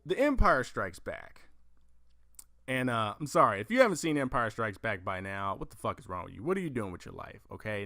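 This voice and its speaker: A man hosting a casual movie news podcast, profane and animated, acting out lines from films as he tells them. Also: mid-range voice, no room sound, studio quality. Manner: profane, animated storytelling with acted-out quotes. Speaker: podcast host.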